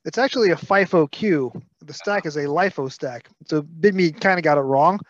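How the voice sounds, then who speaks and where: A man's voice: fairly high pitch, moderate pace, highs cut off. A man with a Brooklyn accent co-hosting a podcast, full of detailed facts and playful scolding. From Brooklyn, New York. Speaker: podcast co-host. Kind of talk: casual podcast chat.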